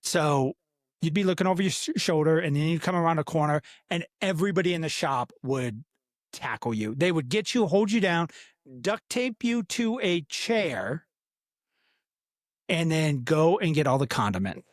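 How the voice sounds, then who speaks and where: A man in his fifties chatting bluntly on a podcast, swearing without a second thought. His voice sits a little high for a man, and the sound is dry and close. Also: expressive, normal speed, no echo. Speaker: podcast co-host. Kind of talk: casual chat.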